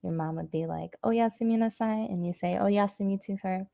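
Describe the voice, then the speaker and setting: Gravelly, mellow-voiced woman teaching casually. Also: lowish voice, steady tone, no echo, clean studio sound. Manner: loose and chatty, lots of "um" and "like"; says Japanese phrases slowly and clearly. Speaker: Japanese language teacher. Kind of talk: casual online lesson.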